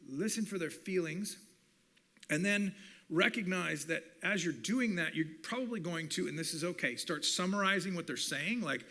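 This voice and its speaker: A middle-aged man gives a church teaching talk in a bright, forward voice that sits a little high for a man. He is animated, switching into quick acted-out lines of dialogue as he makes his points. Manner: animated, acts out quoted dialogue. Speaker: communications professor.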